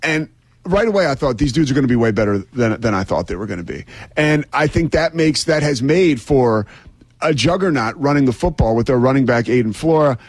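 Husky, animated male sports announcer. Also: medium pitch, a little fast, dry recording. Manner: animated, rambling, laughs easily. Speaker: football play-by-play announcer and co-host. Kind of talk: casual sports talk.

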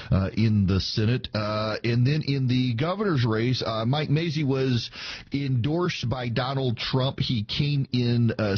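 A man's voice: mid-range voice, slightly rough, lo-fi sound. A man giving casual political commentary, chatty with sarcastic asides and frequent fillers. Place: Tulsa, Oklahoma.

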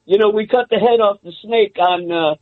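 Excited high-voiced caller on a phone line. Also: male voice, a loud crowd. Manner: excited, laughing, talks in quick bursts. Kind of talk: call-in talk.

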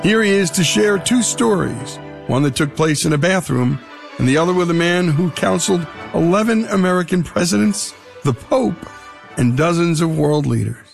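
Male radio host, gravelly, a bit high, scripted intro with a clear music bed under him. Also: animated, moderate pace.

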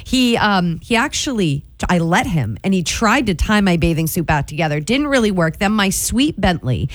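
A woman's voice: lowish voice, big pitch swings, moderate pace, no echo. A woman in her forties, a radio morning show host telling a story in a playful way and laughing often. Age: 40s. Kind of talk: casual storytelling chat.

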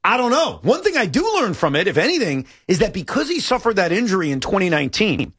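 A man hosting a sports talk show, arguing his points in an animated way. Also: high-pitched, quick pace, husky, no room sound, clean studio sound. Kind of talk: sports talk radio chat.

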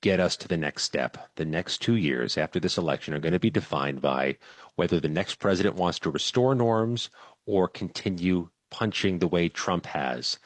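Low-voiced wry political correspondent, a man. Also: no room sound. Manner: measured, confident, wry. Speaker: weekly news correspondent guest. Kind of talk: political analysis on talk radio.

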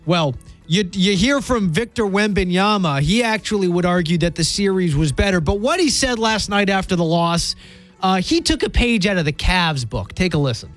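A man's voice: high-pitched, animated, moderate pace, a bit bright, faint music behind. A man co-hosting a sports talk show, arguing his points emphatically and with rising disbelief. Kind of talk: heated sports debate.

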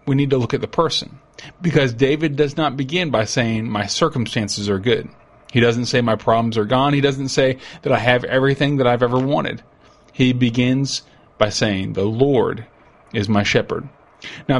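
A man, an associate pastor, giving an earnest radio sermon in a measured way, slowing down for key lines. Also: medium pitch. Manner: earnest, measured preaching with slow emphatic quotes.

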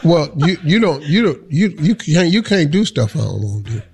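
A man's voice: fairly high pitch, big pitch swings, moderate pace, gravelly, a little mellow, slightly rough. A man hosting a radio morning show, folksy and preachy, teasing his co-host.

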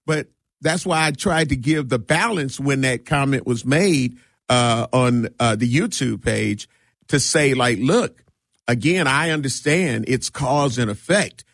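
A man hosting a morning radio talk show, talking in an animated, slangy, emphatic way. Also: medium pitch, measured pace, no room sound, clean studio sound.

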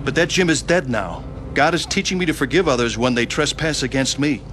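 A man narrating his own testimony with earnest, gentle sincerity and acting out the scenes. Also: mid-range voice, animated, fairly quick, background noise.

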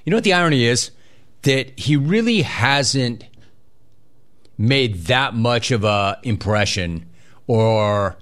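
Animated, teasing sports talk host man. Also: medium pitch, slow pace, clean tone. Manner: animated, mocking, repeats phrases for effect. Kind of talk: casual sports talk with listener emails.

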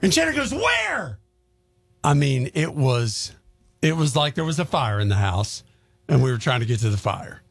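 A man co-hosting a morning radio show, telling stories in casual, animated banter. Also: mid-range voice, normal speed, creaky, slightly rough, no room sound, clean studio sound. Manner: chatty storyteller, animated. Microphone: studio microphone.

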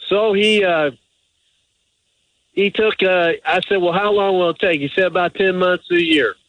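A man with a slightly high voice calls in to a radio advice show. He tells a rambling, hesitant story, halting and restarting often. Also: highs cut off. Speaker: caller. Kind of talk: phone-in call.

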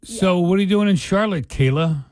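A man's voice: high-pitched, normal speed, a little mellow. A man co-hosting a call-in radio show, telling stories and bantering wryly with callers. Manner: wry, storytelling, banters with callers. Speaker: radio talk show co-host. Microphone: studio microphone.

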